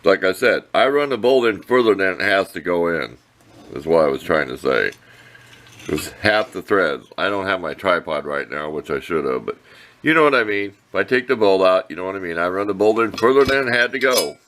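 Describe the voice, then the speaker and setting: A man's voice: low voice, expressive, fairly quick, a bit bright, slight background noise. A man giving a rambling, folksy engine repair demonstration in his workshop, often correcting himself. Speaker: small engine repair vlogger. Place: workshop shed.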